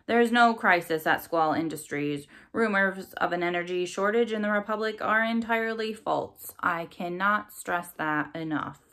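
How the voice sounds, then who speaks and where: A woman voicing a small, nervous male company spokesman who speaks softly and evasively, in a storybook read-aloud. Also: mid-range voice, moderate pace, hardly any pauses, lightly acted. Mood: defensive. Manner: soft-spoken, stammering, evasive.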